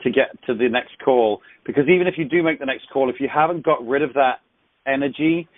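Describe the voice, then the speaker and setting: A man's voice: mid-range voice, brisk, no echo. A man leading a sales accountability call on a headset, coaching with effusive praise and frequent restarts. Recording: tinny phone line, dry.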